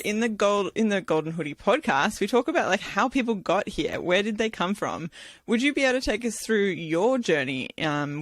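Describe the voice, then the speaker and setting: A woman hosting a casual interview podcast, friendly and quick to laugh, asking relaxed questions. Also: mid-range voice, no echo. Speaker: podcast host.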